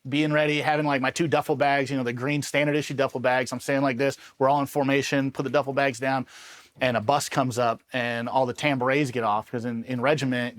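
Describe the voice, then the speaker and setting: A man from Los Angeles, a former Army Ranger, telling war stories in a casual, animated interview and swearing freely as he acts out the people he quotes. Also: mid-range voice. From Los Angeles, USA. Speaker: Army Ranger veteran guest.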